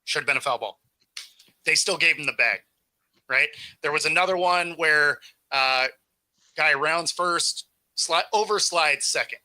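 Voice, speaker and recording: Bright-voiced man chatting baseball. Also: a little high, unhurried, pauses often, poor audio. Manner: laid-back, laughs easily, talks in run-on explanations. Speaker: sports show co-host. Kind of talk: casual sports chat.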